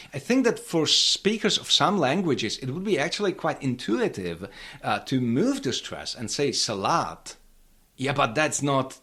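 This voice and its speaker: A man's voice: mid-range voice, bright, forceful tone. A man teaching pronunciation, explaining rules with many fillers and repeated example words. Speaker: language teacher.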